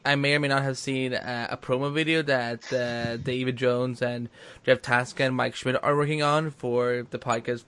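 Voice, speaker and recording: A man's voice: mid-range voice, a bit bright, clear, resonant tone. A man hosting a casual podcast chat, talking in loose run-on sentences full of fillers and restarts. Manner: rambling, many restarts and fillers. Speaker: podcast host.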